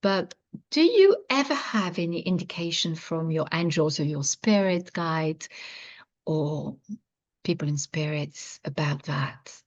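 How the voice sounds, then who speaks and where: A woman interviewer asking enthusiastic, soft-spoken questions over a video call. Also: deep voice, animated, unhurried, muffled recording.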